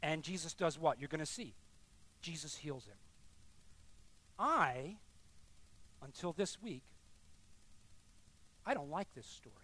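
Animated preacher man, lively pitch. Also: slow pace, pauses often. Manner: emphatic, swings between quiet confession and loud insistence. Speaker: pastor. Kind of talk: sermon.

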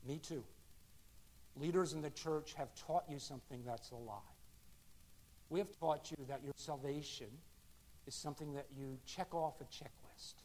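A male pastor preaching a sermon, swinging between loud, ringing shouts and hushed, low asides. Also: steady tone, normal speed, long pauses.

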